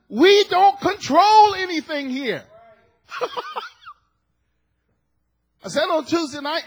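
High-voiced preacher who builds to shouts. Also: male voice, husky. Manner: jokey, builds to shouted emphasis. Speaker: pastor. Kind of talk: sermon. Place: church.

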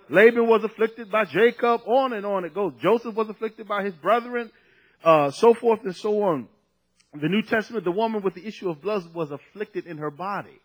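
A man's voice: sits high, a bit bright, rough recording. A man preaching a sermon, conversational and at times emphatic, drawing out key phrases.

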